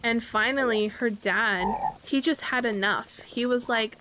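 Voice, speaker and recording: A woman's voice: fairly high pitch, measured pace, few pauses, sharp tone, a little hiss or hum. A woman host casually narrating a game storyline in a chatty way, with lots of fillers and tag questions. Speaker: channel host.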